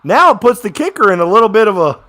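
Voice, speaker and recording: A young man reacting to a game as it plays out, talking like a fan on the couch. His voice is bright and lively, rising high and sharp when a play goes his way, then sinking back into muttered complaints. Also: fast. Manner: excitable, swings from grumbling to shouting with plays. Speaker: fan commentator watching a live game. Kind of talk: casual live game reaction commentary.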